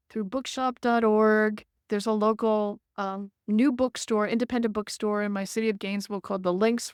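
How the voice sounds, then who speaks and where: A woman author reading her memoir in a measured, gentle way, then talking casually with frequent fillers. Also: mid-range voice, clean tone, no echo, clean studio sound.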